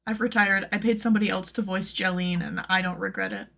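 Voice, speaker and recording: A woman who makes cosplay patterns, chatting casually on her stream, rambling with lots of "like" and playful jumps into high silly tones. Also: steady tone, fast, gravelly, a bit bright.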